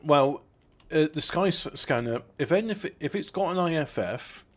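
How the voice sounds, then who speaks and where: A man's voice: on the high side, animated, normal speed. A man, co-hosting a casual chat podcast, rambling with frequent restarts and fillers. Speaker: podcast co-host.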